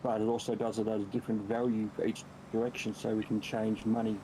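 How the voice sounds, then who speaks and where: A man's voice: on the low side, flat delivery, quick pace, warm tone, slight background noise, poor audio. Australian man explaining over game chat. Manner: explains things patiently in detail. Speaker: game streamer. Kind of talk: casual multiplayer game chat.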